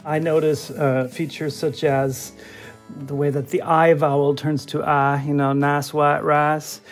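A man's voice: on the high side, little pitch movement, a little slow, faint music behind. A man interviewed as a linguist, explaining points carefully in an interview.

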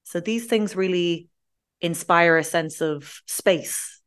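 Irish woman, language teacher, lively explainer, slightly low voice. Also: slow, smooth. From Ireland. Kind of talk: explaining in an interview.

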